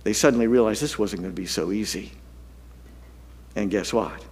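A man, a pastor, telling a story in a sermon to his congregation, animated and self-deprecating, swinging from loud to hushed. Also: on the low side, moderate pace.

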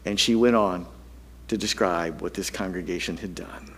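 A man, a pastor, telling a story in a sermon to his congregation, animated and self-deprecating, swinging from loud to hushed. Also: sits low, moderate pace, a little hiss or hum.

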